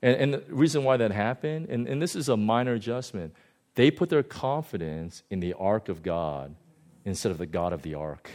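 A male pastor giving a conversational sermon, animated and often chuckling. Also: lowish voice, normal speed.

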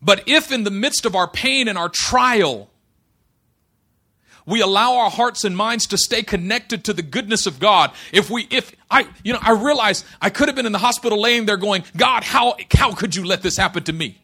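A man preaching with a high, bright voice, swinging between quiet, intimate passages and ringing declarations. He quotes scripture with fervor and breaks it up with folksy, joking asides. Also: normal speed. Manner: impassioned, swings from hushed to loud, quotes scripture; folksy humor, colloquial asides. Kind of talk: sermon.

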